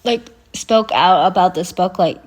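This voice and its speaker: A woman's voice: fairly low pitch, measured pace. A woman losing her voice, casually summarizing a book with lots of "like" fillers. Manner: rambling, filler-heavy with "like". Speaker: book vlogger.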